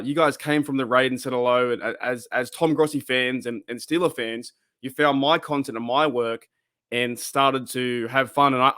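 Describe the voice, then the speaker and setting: A man's voice: mid-range voice, fairly bright tone, no echo, studio quality. An Australian man hosting his channel, chatting casually about football with lots of fillers and rambling asides. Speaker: channel host. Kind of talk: casual fan commentary.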